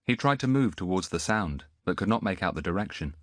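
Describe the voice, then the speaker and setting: A male audiobook narrator with a very low voice who tells the story in a lively, expressive way. The reading is recorded close and dry, with no room sound. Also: fairly quick, no echo. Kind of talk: scripted narration.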